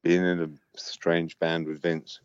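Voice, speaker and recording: A man with a very deep voice telling a rambling anecdote, swearing freely and laughing often. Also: flat delivery, slow pace, clear, resonant tone, no echo. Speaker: musician guest. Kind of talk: casual storytelling. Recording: dull lo-fi sound.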